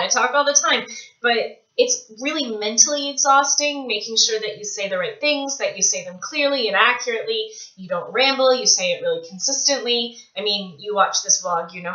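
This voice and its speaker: Canadian woman rambling on her vlog, bright gushy voice, echoey little room, kinda muffled. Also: on the high side. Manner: bubbly, rambling, gushing with excitement. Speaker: vlogger. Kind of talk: casual vlog chat. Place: small room at home.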